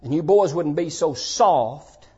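An older man preaching a folksy sermon to young people, swinging between shouted points and hushed asides. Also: on the high side, lively intonation, slow pace, breathy edge. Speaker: pastor. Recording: dull lo-fi sound.

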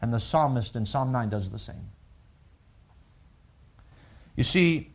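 A male preacher giving a sermon. He reads scripture slowly and preaches with rising emphasis and repetition. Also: mid-range voice, expressive, gravelly.

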